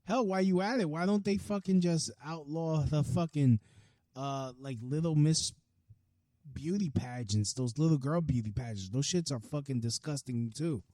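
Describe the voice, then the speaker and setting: Male podcast host, solo rant, heavy swearing, somewhat high voice with a dark, mellow tone, dry close sound. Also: normal speed, dry recording. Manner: profane, heated, swings from mutters to near-shouting. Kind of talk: ranting solo podcast monologue.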